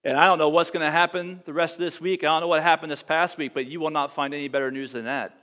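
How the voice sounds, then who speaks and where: Animated pastor in an echoey hall. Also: male voice, a little high. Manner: animated, wry asides, quick laughs. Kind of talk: sermon. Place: church.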